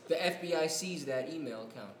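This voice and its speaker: A man's voice: a little high, lively intonation, fairly quick. Tipsy young man telling rambling stories. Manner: rambling storyteller, laughs often, swears freely. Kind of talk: casual chat. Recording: echoey room, faint noise.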